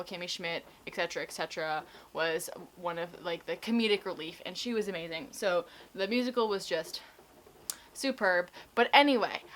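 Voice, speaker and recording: A woman's voice: medium pitch, a bit bright. A young woman telling stories in a casual video diary, chatty and full of restarts and fillers. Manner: chatty storytelling with many likes and restarts. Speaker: vlogger.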